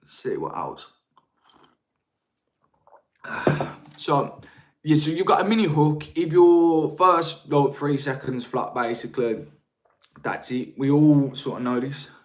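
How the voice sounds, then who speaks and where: A man's voice: a little high, slow, long pauses. A young man hosting a live stream, chatting informally and greeting viewers between points. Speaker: live-stream host on marketing. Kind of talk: casual live-stream talk, reading viewer chat.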